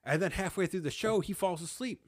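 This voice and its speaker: A podcast host in his thirties with a high-pitched voice talks a little fast as he tells a story in a relaxed chat. Laughter comes often, along with swearing and acted-out quotes.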